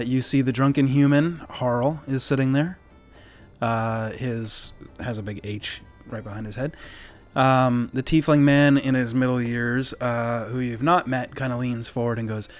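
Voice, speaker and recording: A man narrating a tabletop role-playing game as game master, easygoing and full of little fillers. His voice sits at an average pitch, with faint music in the background. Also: a little slow. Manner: relaxed, many fillers.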